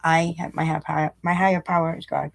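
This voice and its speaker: A low, gravelly woman's voice with a husky edge reads a recovery meditation aloud. She keeps breaking off into blunt, sarcastic commentary, then slows to repeat key lines for emphasis. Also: flat delivery. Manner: sarcastic, blunt, rambling asides. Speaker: vlogger reading a daily recovery meditation.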